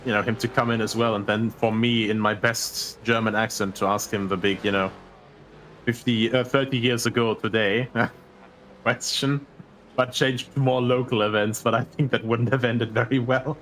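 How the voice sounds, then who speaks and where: A man co-commentates a live charity race in a joking, easygoing way. His voice is medium-pitched, steady and a bit bright at a moderate pace, and the low-quality recording has slight background noise.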